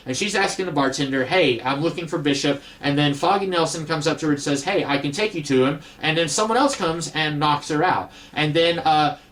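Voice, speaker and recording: Guy rambling through a movie review, kinda high voice, wry and dismissive, says uh a lot. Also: a bit bright. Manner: frequent "uh" fillers, wry and dismissive. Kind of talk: casual spoken film review.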